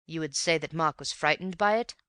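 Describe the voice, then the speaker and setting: A woman's voice: low-pitched, fairly quick, fairly bright tone, smooth, no room sound, clean studio sound. A woman voicing a male coroner who asks short, formal questions.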